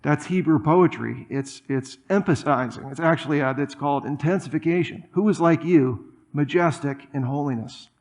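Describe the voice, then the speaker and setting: Animated, conversational male preacher. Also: a little high, moderate pace. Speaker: pastor. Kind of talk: sermon. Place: church auditorium.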